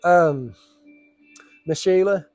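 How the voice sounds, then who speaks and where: Man, casual storyteller, higher pitch, dry close sound. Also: drawn-out words, a little mellow, dry recording. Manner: rambling, drawling Southern storyteller, acts out voices. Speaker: storyteller vlogger.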